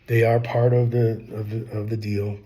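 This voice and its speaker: A man's voice: lowish voice, level tone, normal speed, dark tone. A middle-aged man hosting a business channel, giving plainspoken casual advice with repetitive, emphatic asides.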